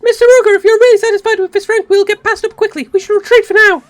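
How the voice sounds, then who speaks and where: A man with an English accent voicing a squeaky, excitable young anime ship girl in a silly falsetto while reading game dialogue. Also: faint music behind. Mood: dramatic. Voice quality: shrill, over-the-top falsetto. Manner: deliberately silly high-pitched voice. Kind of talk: game dialogue read-along on stream. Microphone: streaming microphone.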